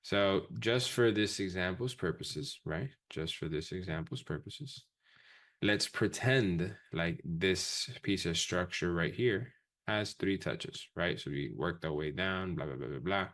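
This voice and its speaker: A man with a very low voice runs a live trading class. He talks quickly and casually, dropping profanity as he explains each step to his students. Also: expressive, a bit bright. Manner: fast, profane, casual coaching talk. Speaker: trading instructor. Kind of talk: live-streamed trading lesson.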